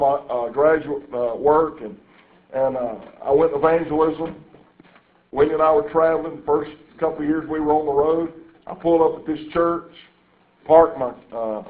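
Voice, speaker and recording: A man preaching a sermon to a congregation, telling folksy stories and turning to the listeners with asides. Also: a little high. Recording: echoey room over a tinny phone-like line.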